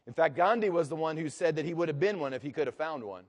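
A man's high-pitched voice delivers a sermon from the pulpit. He swings between quiet, intimate moments and loud, emphatic preaching. The sound rings with long reverb through a large church hall. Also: lively intonation, fast talker. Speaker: pastor.

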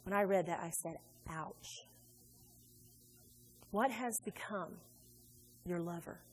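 Animated woman preaching in a reverberant hall. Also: on the low side, moderate pace. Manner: animated, conversational preaching with acted-out quotes. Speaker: pastor. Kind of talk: sermon. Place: large church sanctuary. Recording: reverberant hall with faint music.

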